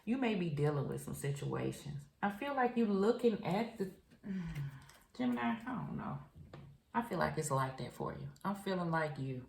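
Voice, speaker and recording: A woman's voice: on the low side, sing-song, normal speed, gravelly, darkish tone, a little hiss or hum. A woman giving a casual tarot reading, talking frankly and directly to the viewer and calling them honey and child. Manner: frank, chatty, addresses viewer directly with endearments. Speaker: tarot reader. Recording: echoey room.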